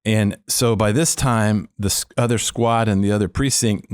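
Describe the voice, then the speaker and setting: Deep-voiced man telling a police story. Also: normal speed, clean tone, no echo, studio quality. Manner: animated storyteller who acts out the people he quotes; laughs often while telling. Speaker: podcast guest, former police officer. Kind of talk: storytelling interview.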